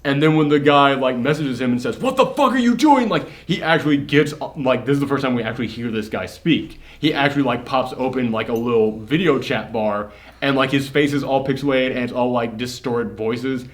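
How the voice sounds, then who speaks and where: A man reviewing a horror film in casual spoiler chat, animated and swearing, with lots of fillers. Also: mid-range voice, a little fast, few pauses.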